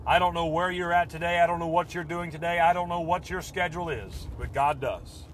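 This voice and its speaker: A man delivers a sermon in fervent, repetitive phrases that build up and then fall to a hush. His voice is fairly high and his pace fairly quick, with slight background noise.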